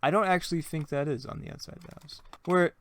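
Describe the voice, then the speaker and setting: A man's voice: fairly high pitch, fast talker, gravelly, very noisy. A young man hosting his own gaming channel, chatting casually and thinking aloud as he plays, with self-mocking jokes and plenty of rambling asides. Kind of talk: casual let's-play commentary.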